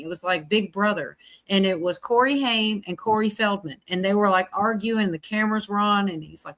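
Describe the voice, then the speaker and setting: A woman's voice: mid-range voice, fairly bright tone. A woman hosting a livestream, talking casually in a rambling, chatty way and laughing often. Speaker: livestream host. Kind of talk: casual chat.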